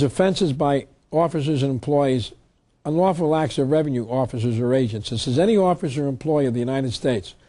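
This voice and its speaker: A man with a mellow, mid-range voice gives an emphatic public lecture on tax law, reading statutes aloud.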